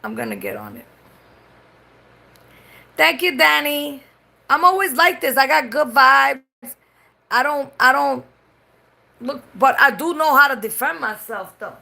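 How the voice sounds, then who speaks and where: High, gravelly Puerto Rican woman. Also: a little slow, sharp tone. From Puerto Rico. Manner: switches between English and Spanish mid-sentence; blunt and swears freely. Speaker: live streamer. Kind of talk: casual live-stream chat.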